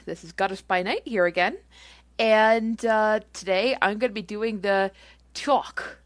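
A woman's voice: mid-range voice, normal speed, no echo. A woman chatting casually as she answers listener questions. She rambles with lots of fillers and giggles. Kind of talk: casual chat.

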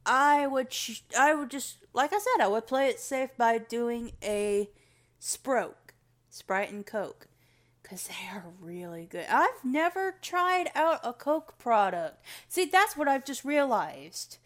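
A woman reviews sodas in a rambling, casual monologue, talking to herself, often restarting and correcting herself, her words slightly slurred. Her voice is high-leaning and fairly bright, slow but with lively intonation.

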